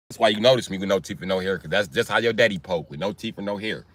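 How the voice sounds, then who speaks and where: A man's voice: on the low side, a bit bright. A man, a comedian, rambling through a profane stand-up style rant on his live stream.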